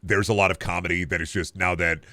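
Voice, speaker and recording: A man's voice: steady tone, quick pace, sharp tone, no echo. Rambling profane young male streamer. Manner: rambling and profane, reacting to chat; pitch leaps up and down often. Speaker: game streamer. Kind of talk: casual live-stream chat while gaming.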